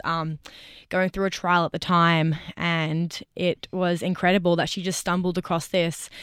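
A woman co-hosting a podcast in casual chat, talking in a chatty, bubbly way with quick asides. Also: lowish voice, a bit bright, smooth, dry recording, clean studio sound. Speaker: podcast co-host.

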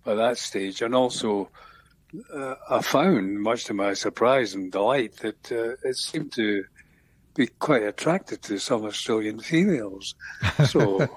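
An older man with a Scottish accent, a songwriter being interviewed on radio, talking in a reflective, unhurried way with many pauses and restarts. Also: fairly low pitch, husky, no room sound. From Scotland. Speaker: guest songwriter.

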